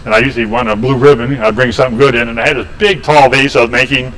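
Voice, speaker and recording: A man's voice: mid-range voice, fairly even intonation, racing, a bit bright, slight background noise, low-quality recording. A man in a woodshop, demonstrating woodturning and telling rambling, folksy anecdotes with chuckles. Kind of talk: casual storytelling during a lathe demo. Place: woodshop, indoors.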